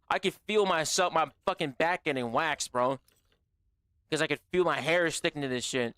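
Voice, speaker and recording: Bright-voiced young male streamer. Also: a little high, fairly quick, no echo, clean studio sound. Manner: animated, profane, slangy banter with chat. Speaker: gaming livestreamer. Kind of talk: casual stream chat with viewers.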